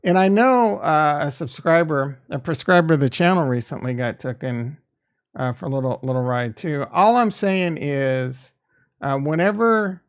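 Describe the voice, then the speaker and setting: A man's voice: fairly high pitch, lively intonation, normal speed, clean tone. A man hosting a crypto investing channel, talking in a candid, rambling way that is casual and peppered with swearing.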